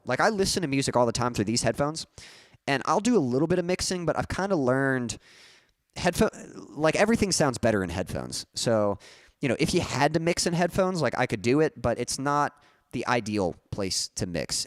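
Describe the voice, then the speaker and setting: A man's voice: mid-range voice, sing-song, fairly quick, dry recording, clean studio sound. A man hosting a music livestream, chatting casually and answering viewer comments, rambling with many fillers and restarts. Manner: reads viewer comments aloud and answers them.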